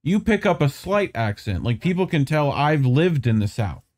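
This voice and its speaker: A man co-hosting a casual political commentary podcast, talking in a chatty way with quick asides and casual swearing. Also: a little high, sing-song, darkish tone. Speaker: podcast co-host.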